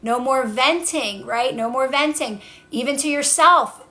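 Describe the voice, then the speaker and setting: A woman on a phone livestream, coaching viewers in a casual way, repeating calm instructions and answering their comments. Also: sits high, unhurried. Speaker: manifestation coach. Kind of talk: casual TikTok live talk.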